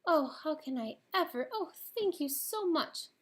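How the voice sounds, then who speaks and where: A woman voicing a gentle, kind young woman in a storybook reading, speaking softly. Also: medium pitch, measured pace, close to an everyday voice.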